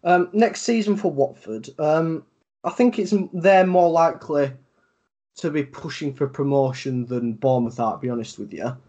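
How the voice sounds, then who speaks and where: A man's voice: fairly high pitch, normal speed, dark tone, lo-fi sound. A man with a Yorkshire accent co-hosting a casual football podcast, rambling with lots of fillers and free swearing. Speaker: podcast co-host.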